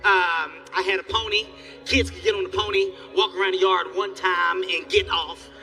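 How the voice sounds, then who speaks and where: A man doing stand-up comedy, telling a profane story in an animated, exasperated way. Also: sits high, moderate pace. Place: live comedy venue. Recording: distant live stage recording with faint music.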